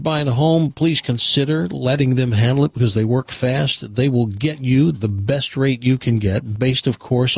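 A man's voice: medium pitch, a little mellow, slightly rough, no echo. A man hosting a radio talk show, chatting casually and reading sponsor ads in a folksy, rambling way. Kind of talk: casual radio chat and live read ads.

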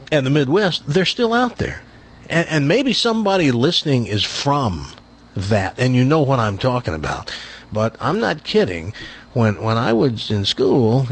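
A man's voice: mid-range voice, slightly rough. A man from Tennessee with a faint Southern accent, chatting as a host in a folksy storytelling way and often repeating words as he starts a thought. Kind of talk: casual chat.

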